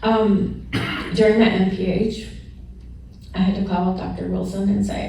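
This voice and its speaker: A woman's voice: medium pitch, level tone, unhurried, vocal fry, mellow, a little hiss or hum. Candid middle-aged woman, echoey hall. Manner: candid, laughs often, gets emotional. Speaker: honored alumna speaking at a celebration. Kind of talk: personal storytelling remarks to an audience. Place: large echoey event room with an audience. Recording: distant, echoey room sound.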